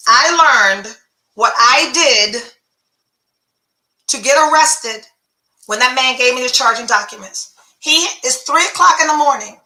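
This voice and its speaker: Animated high-pitched woman telling a story. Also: roomy sound, poor audio. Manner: candid, profane, animated retelling with quoted dialogue. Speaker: podcast host. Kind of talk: personal storytelling.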